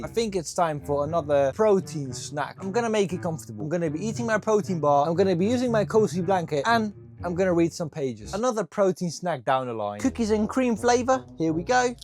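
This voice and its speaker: A young man, vlogging in a casual, jokey, slang-filled way. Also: high-pitched. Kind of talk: casual vlog. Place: camper van and dark village streets at night.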